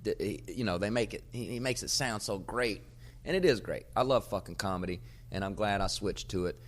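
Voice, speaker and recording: Profane, animated man telling stories. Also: fairly low pitch, brisk. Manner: profane, animated storyteller who gets loud acting out arguments. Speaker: podcast host, comedian. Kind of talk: casual storytelling monologue.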